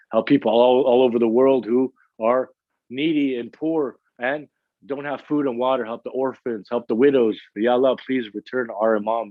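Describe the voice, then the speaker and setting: A man's voice: medium pitch, no room sound. A man giving an emotional religious lecture at a mourning gathering, repeating his phrases and building in intensity. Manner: emotional, repetitive and rising in intensity. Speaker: majlis speaker. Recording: dull lo-fi sound.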